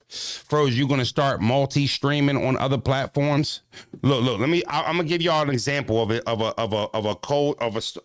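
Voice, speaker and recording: A man with a Philadelphia accent streaming live, ranting to his viewers in a profane, emphatic and animated way. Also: mid-range voice, dry recording, studio quality. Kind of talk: casual livestream rant.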